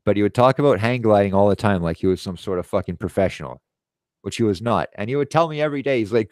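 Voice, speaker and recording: A man in his thirties hosts a live stream, spinning long, profane anecdotes in a rambling, casual, animated way and voicing the other people in them. His fairly low voice is fast, recorded dry with studio quality.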